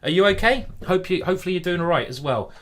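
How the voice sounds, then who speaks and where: A man's voice: high-pitched, expressive, fast, a bit bright. A man, casually commentating a chess stream and greeting viewers by name. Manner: chatty, greets viewers by name, lots of ums.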